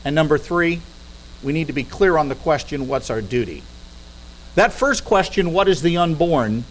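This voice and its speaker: A man's voice: a little high, expressive, normal speed, low-quality recording. A middle-aged man speaks from a church podium in a slightly raised voice, driving his points home with rhetorical questions. He slips in dry, humorous asides. A faint hum sits under the sound. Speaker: guest speaker. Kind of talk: persuasive public talk.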